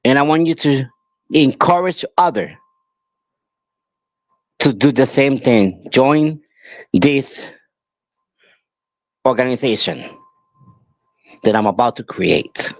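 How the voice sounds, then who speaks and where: Slow, impassioned male podcast host. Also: mid-range voice, animated, no room sound. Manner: emphatic, repetitive, pleading. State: angry. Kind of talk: impassioned monologue.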